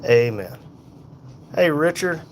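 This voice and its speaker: A man in pain and tired, hosting a casual livestream from a hospital room on a phone, reading viewer comments aloud in an unhurried, folksy way. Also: a little high, expressive, slight background noise. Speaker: livestream host reading chat. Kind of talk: casual live chat.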